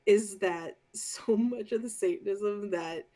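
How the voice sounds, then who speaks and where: A woman co-hosting a podcast chats casually and passionately as a devoted fan. Her voice sits at a middling pitch, and she strings her thoughts together with plenty of fillers and the occasional swear. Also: slow pace, mellow. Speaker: podcast co-host. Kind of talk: casual chat.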